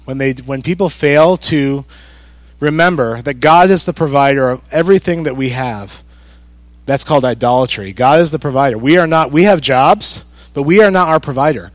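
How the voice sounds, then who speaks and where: A pastor preaching a sermon in church, talking conversationally, repeating key phrases and putting questions to the congregation. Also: male voice, mid-range voice, no echo.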